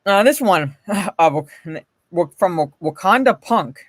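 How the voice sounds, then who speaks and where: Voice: mid-range voice, animated, slow pace, no echo. Brief: blunt, swearing livestream host with a mid-range voice, reading posts aloud and chatting with viewers, dry close sound. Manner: blunt, profane, often laughing, greets chatters by name. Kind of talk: casual livestream commentary.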